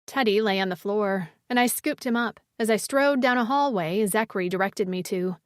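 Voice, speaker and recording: A woman narrating a first-person fantasy romance audiobook with an expressive storytelling delivery. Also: medium pitch, moderate pace, clean tone, no room sound, clean studio sound.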